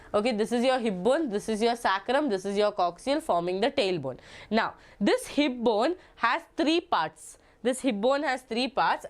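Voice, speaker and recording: A young woman with a Malayali accent teaches biology in a chatty, repetitive way. She keeps checking in with her students and has a slightly high voice. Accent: Malayali English. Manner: chatty, repeats herself, asks "okay?" and "no?". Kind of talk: online exam-prep lecture.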